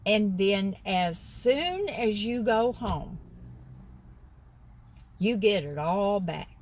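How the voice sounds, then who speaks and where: A woman's voice: medium pitch, lively intonation, very slow. A woman in her sixties with a Southern US accent, chatting folksily to her viewers in a casual vlog. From American South. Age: 60s. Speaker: vlogger. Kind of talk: casual chat to camera.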